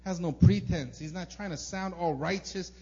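A young man preaching a casual sermon as a pastor, informal and earnest, full of fillers, sometimes acting out prayers loudly. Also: sits high, normal speed. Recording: dull lo-fi recording with faint hum.

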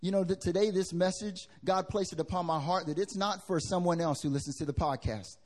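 A young adult man preaching a sermon as pastor to a congregation in a church, with big swings in pitch and loudness and casual slang. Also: fairly quick.

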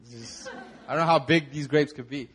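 Man, young adult, pastor, high-pitched, casual sermon, dramatic retellings. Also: fairly quick, slightly rough. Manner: casual storytelling, acts out the crowd in dramatic voices. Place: church hall.

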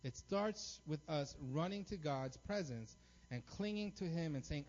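A man's voice: a little high, unhurried. A man in his thirties preaching a sermon, telling stories with lots of energy and checking in with the crowd by asking "right?". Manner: animated storytelling, frequent "right?" tags. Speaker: pastor. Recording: dull lo-fi recording.

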